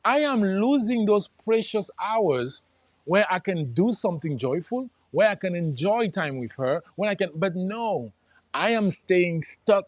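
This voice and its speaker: A man's voice: sits high, lively intonation, measured pace, no room sound. A man speaking as a spiritual life coach, talking casually and reflectively to live viewers, with frequent restarts. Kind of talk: casual livestream talk.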